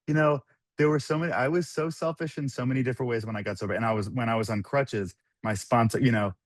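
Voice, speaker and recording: A man in his thirties talks in a middle pitch. He tells stories in a loose, animated way and laughs often as he quotes others. The sound is dry and close, with no room echo. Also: quick pace. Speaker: podcast guest. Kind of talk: casual storytelling.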